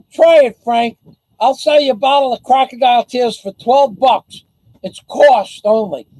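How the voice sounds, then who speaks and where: High-voiced sarcastic man vlogging. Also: mellow, no echo, poor audio. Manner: sarcastic, rambling, taunting. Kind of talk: casual mocking chat to camera.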